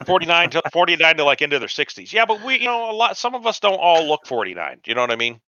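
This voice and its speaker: A man's voice: a little high, sing-song, fast talker, bright, forceful tone, no echo, muffled recording. A man in his forties telling a long, profane, rambling anecdote on a casual podcast, acting out the quotes of people he met. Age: 40s. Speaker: podcast host. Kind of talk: casual storytelling chat.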